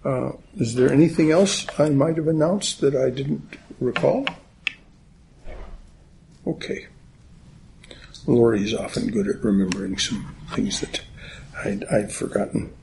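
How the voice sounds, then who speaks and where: A man leading a chapel service, giving announcements in a halting way with many pauses and fillers. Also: mid-range voice, animated, background noise. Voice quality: gravelly and very husky. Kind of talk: sermon announcements. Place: chapel in Atlanta.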